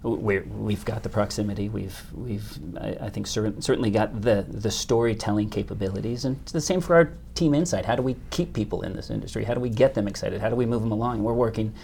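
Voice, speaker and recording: A man's voice: fairly low pitch, gravelly, a little mellow, slight background noise. A man being interviewed as a hotel company executive, speaking with frequent restarts and repetitions. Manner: halting, many restarts. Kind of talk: business interview.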